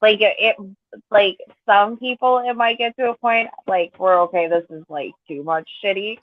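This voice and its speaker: A woman's voice: medium pitch, normal speed, no echo. A woman co-hosting a podcast in casual chat, talking loosely with many fillers. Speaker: podcast co-host. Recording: thin phone-like dry sound.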